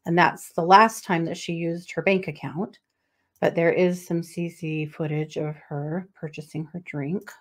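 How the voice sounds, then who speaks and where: A woman's voice: lowish voice, steady tone, unhurried. A middle-aged woman co-hosting a podcast, talking casually and walking through a missing-person case in a rambling, chatty way. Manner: chatty, rambling with fillers and restarts, laughs easily. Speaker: podcast co-host.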